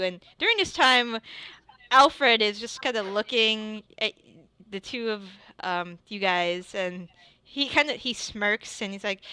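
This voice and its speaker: A woman's voice: medium pitch, animated, measured pace, sharp tone, smooth. A woman game master narrating a tabletop game, rambling with restarts. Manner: rambling, many fillers and restarts.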